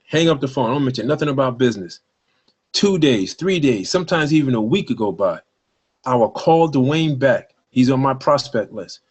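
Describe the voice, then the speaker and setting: A man's voice: medium pitch, animated, moderate pace, darkish tone, slightly rough. A man giving a sales training talk, emphatic, repeating his points and checking in with his listeners. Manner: emphatic, repeats points, asks "all right?". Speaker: network marketing trainer.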